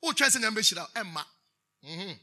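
Preaching briskly and expressively, a Ghanaian man whose voice sits high with a sharp edge delivers an emphatic sermon. As pastor, he prompts answers from the congregation with questions, moving back and forth between English and Twi.

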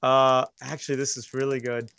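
A man's voice: medium pitch, flat delivery, normal speed, creaky, a bit bright, clean tone, no echo. A man narrating a tabletop horror game as game master, hesitant, with many fillers and restarts.

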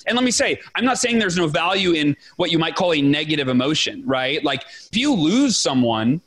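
A man in his forties, a guest author telling his story in a podcast interview with emphatic, animated delivery. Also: a little high, brisk, slightly rough. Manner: animated, emphatic, acts out quoted dialogue.

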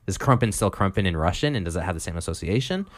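Low-voiced chatty podcast host. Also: male voice, lively intonation, fast, dry recording. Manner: chatty, thinks aloud with fillers. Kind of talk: casual chat.

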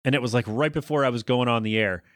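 A man's voice: mid-range voice, fast, no echo, clean studio sound. A man hosting his own podcast, talking alone in a loose, joking, self-deprecating way that wanders off track. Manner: self-deprecating, jokey, meandering. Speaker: podcast host. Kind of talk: casual rambling monologue.

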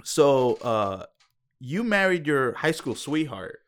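A man's voice: mid-range voice, sing-song, takes it slowly, a bit bright. A young man hosting a casual podcast in an ordinary mid-range voice. He talks with open enthusiasm, swears easily and calls his guest dude. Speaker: podcast host. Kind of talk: casual chat.

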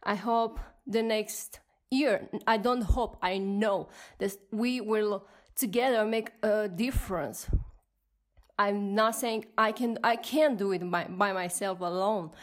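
A young woman with a non-native accent talks alone on her podcast, ranting with indignation. She speaks at an unhurried, deliberate pace, and her voice sits at an ordinary pitch for a woman. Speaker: podcast host. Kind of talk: solo podcast monologue.

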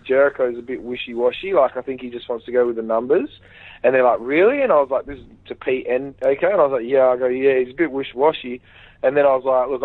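A man on a tinny phone line tells a long story in a rambling, animated way, jumping in with quoted lines. His voice sits at an ordinary middle pitch. The call sounds dry and close. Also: no room sound. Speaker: interview guest. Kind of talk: casual phone interview storytelling.

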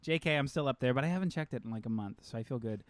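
A man's voice: medium pitch, animated, racing, dry recording. A man co-hosting a podcast in casual chat, chatty and self-mocking, laughing often. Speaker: podcast co-host.

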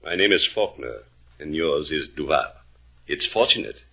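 Cool mocking villain, very deep and husky, lots of pitch movement; old radio play. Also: male voice, lively intonation, normal speed, sharp tone, exaggerated voice. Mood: menacing. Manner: smooth, sardonic. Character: suave menacing villain, mocking and cold. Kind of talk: 1950s radio drama acting.

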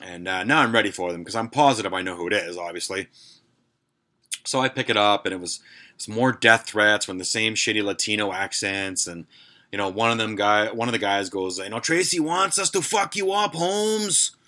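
A man's voice: lowish voice, a little fast, bright, forceful tone. A man hosting a podcast, telling a story in a rambling, profane way with lots of fillers. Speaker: podcast host. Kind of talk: casual storytelling.

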